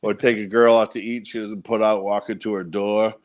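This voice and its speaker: A man's voice: fairly low pitch, a little fast. Laid-back comedian man, laughing easily. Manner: relaxed, laughs often, casual swearing. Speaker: stand-up comedian guest. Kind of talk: casual chat.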